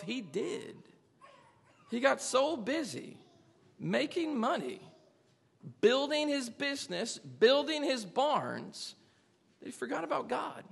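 A man's voice: very high-pitched, vocal fry, fairly bright tone. A male pastor preaching a sermon, speaking emphatically and putting rhetorical questions to his congregation. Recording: long reverb of a large hall.

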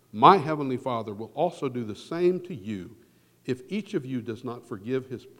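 Male pastor, sermon delivery, lively pitch swings, long hall reverb. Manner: earnest preaching, swells loud then drops to near whisper.

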